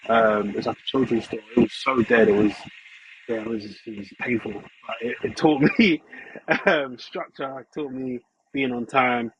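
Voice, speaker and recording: A man's voice: medium pitch, steady tone, moderate pace, husky, muffled recording. A young man, chatting casually as a podcast guest, laid-back and full of "you know what I mean". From England. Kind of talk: casual chat.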